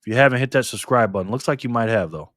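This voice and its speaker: A man hosting a live stream and reading out viewer comments in casual chat, excitable and chatty, his pitch and volume swinging widely. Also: racing, no echo, clean studio sound.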